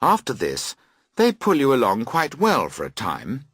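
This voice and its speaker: A man reads a classic story aloud for learners, slow and deliberate, his pitch swinging widely to dramatize each turn. His voice is husky and recorded dry and close. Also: dry recording. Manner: slow, clear, very expressive. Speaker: audiobook reader. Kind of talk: scripted storybook narration for learners.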